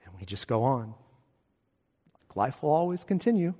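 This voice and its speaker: A man preaching a sermon as pastor, emphatic, swinging between hushed lines and loud, ringing ones. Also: mid-range voice, sing-song, normal speed. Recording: long hall reverb.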